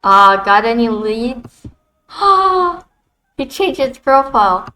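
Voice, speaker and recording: A woman's voice: on the high side, unhurried, pushed and bright, rough recording. A woman streaming a visual novel, reading its lines aloud and reacting to them in a playful, teasing way.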